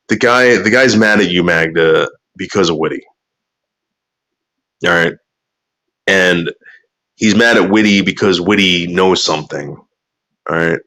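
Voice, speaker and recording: A man's voice: deep voice, fairly bright tone. Rambling, profane man chatting on stream. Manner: profane, rambling, repeats words when starting sentences. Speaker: livestreamer talking to chat. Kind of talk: rambling casual stream chat.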